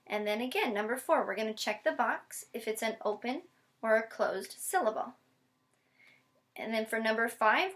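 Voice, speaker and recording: A woman teacher giving a patient one-on-one phonics lesson, modeling each step slowly and spelling words out letter by letter. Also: a little high. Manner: slow, deliberate modeling with frequent check-ins. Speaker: special education teacher.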